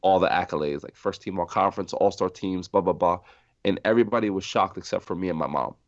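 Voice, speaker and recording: A middle-aged man from New Jersey, a podcast guest telling stories in a lively way, acting out the people he quotes. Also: low-pitched, quick pace, no echo. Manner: animated storyteller acting out quoted voices, laughing often. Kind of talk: storytelling in a podcast interview. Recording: dry muffled sound.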